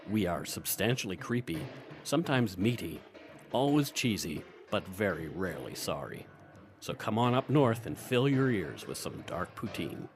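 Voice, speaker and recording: A man reads a podcast promo in a very low voice with a punchy, wry delivery. His pitch moves a lot, and faint music plays under him. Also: sing-song, normal speed. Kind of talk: scripted promo read.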